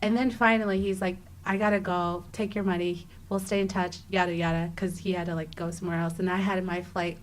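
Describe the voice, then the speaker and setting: Animated woman in her thirties telling a story. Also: fairly low pitch, brisk, hardly any pauses, slight background noise, low-quality recording. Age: 30s. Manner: animated, acts out quoted dialogue with many "like"s. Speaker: guest, travel writer. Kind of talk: casual interview storytelling.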